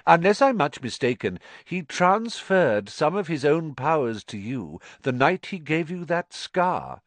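Dumbledore, a calm old wizard, as a man puts him on. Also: a little high, no echo, pitched above the performer's own voice. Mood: calm, kindly. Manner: slow, soft, gentle and thoughtful. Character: old, calm, kindly male headmaster wizard.

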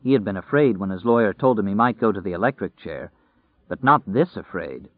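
A man reading an audiobook in steady, measured narration, recorded with a tinny, phone-like sound. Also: fairly low pitch, no room sound.

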